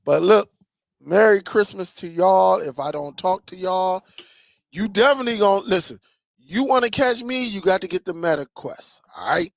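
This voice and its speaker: Guy with a high gravelly voice just chatting to his viewers, repeats stuff a lot, dry close sound. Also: moderate pace, no echo. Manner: animated storyteller, laughs and repeats himself. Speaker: streaming tech channel host. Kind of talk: casual chat to viewers.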